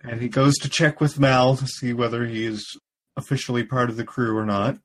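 A man co-hosting a casual podcast, calmly summarizing a story and laughing along. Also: mid-range voice, brisk, rough recording. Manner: relaxed and matter-of-fact, laughs at the jokes. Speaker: podcast co-host. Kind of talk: casual chat, retelling a story.

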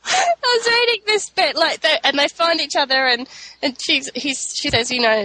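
A woman's voice: high voice, animated, normal speed, pushed and bright, a little hiss or hum, rough recording. A woman in a casual chat, giggling as she quotes a story.

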